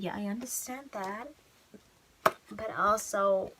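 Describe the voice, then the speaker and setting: A woman's voice: medium pitch, fairly even intonation, normal speed, background noise. A woman giving a casual pick-a-card tarot reading at home, chatty, candid and self-mocking.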